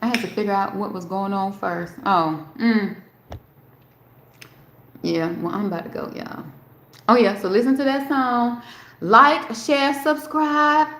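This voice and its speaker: A woman's voice: medium pitch, unhurried, pauses often, a bit bright, slight background noise. A woman hosting a casual live stream, rambling and talking straight to her chat, swearing freely. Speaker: livestream host. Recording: roomy echo.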